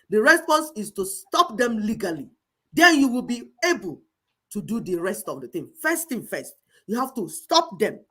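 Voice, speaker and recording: A woman's voice: mid-range voice, a bit bright. A woman lecturing listeners in a political talk, firing off rhetorical questions. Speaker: online show co-host.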